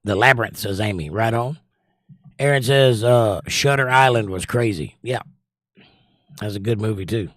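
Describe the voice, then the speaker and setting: A Southern American livestream host with a fairly low yet fairly bright voice speaks at a moderate pace, leaving long pauses. He reads viewer comments aloud, chats casually, and recommends movies with firm opinions, captured in studio quality with no room sound.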